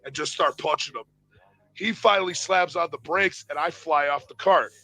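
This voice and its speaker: A man's voice: fairly high pitch, normal speed, bright, forceful tone, dry recording, rough recording. A young man with a slightly raised voice tells a story in a casual, rambling way, swearing freely. His slang is thick and his narration is strung together with "like". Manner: profane, heated storytelling. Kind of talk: casual anecdote telling.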